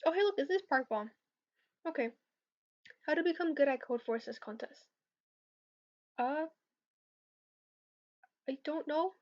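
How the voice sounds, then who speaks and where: A woman's voice: high-pitched, animated, a little slow, pauses often, darkish tone. A young woman answering viewer questions about competitive programming on a casual livestream, hesitant with lots of fillers. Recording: slightly dull lo-fi stream audio.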